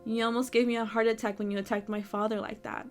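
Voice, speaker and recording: Woman voicing a rude rich young man, visual novel read aloud, dry wry delivery, slightly high, faint music. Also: level tone, quick pace, close to an everyday voice. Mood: sulky.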